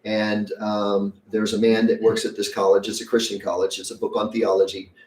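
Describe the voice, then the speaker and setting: A man's voice: fairly low pitch, flat delivery, normal speed, darkish tone. Male pastor preaching, chatty folksy delivery, roomy church sound, mic a bit far off. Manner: conversational, folksy preaching with acted-out quotes. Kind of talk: sermon. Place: church sanctuary.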